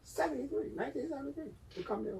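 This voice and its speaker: Male podcast co-host, animated storyteller, voice set back from the mic. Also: very high voice, rapid-fire, gravelly, recorded from a distance, a little hiss or hum, poor audio. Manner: animated storytelling, swings loud and quiet. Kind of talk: casual chat.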